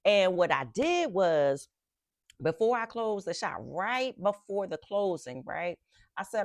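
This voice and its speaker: A middle-aged woman from Philadelphia hosting a podcast, reflecting on faith and rest with animated storytelling and emphatic repetitions. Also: mid-range voice, slow, no room sound, studio quality. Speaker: podcast host.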